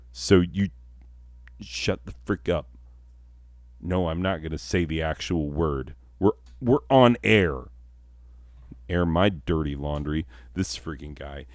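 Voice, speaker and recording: A man's voice: sits low, a little mellow, no room sound, studio quality. A man hosting a comedic mock TV show, grumbling sarcastically at his off-screen crew. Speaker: comic show host. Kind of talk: comedic mock TV-host monologue.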